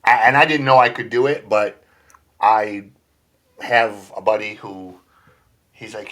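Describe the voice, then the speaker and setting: A man's voice: lowish voice, unhurried, pauses often, fairly bright tone. A man in casual chat as a podcast guest, rambling and laughing often between points. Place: home basement room.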